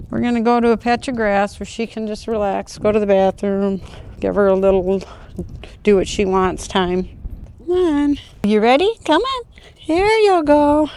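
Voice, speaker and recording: Calm middle-aged woman training a puppy outdoors. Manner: calm explaining, with high sing-song praise calls to a puppy. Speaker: dog owner and trainer. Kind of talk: casual training vlog narration. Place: outdoors on a neighborhood walk.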